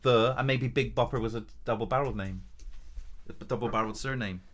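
A man's voice: mid-range voice, brisk. A man co-hosting a podcast, trading playful, jokey banter in casual chat. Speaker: podcast co-host.

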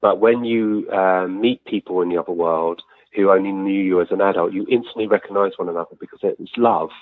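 A man from Sussex, answering interview questions in a chatty, animated way with frequent restarts. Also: low voice, brisk. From Sussex, England. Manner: chatty, animated storyteller with frequent self-corrections. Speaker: medium being interviewed. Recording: dry, tinny phone-like line.

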